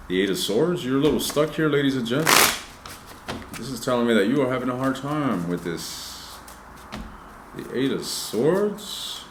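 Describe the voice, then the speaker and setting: A man's voice: medium pitch, fairly bright tone, roomy sound, slight background noise. A man giving a casual, loose tarot reading, swearing freely and talking straight to his viewers. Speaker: tarot reader.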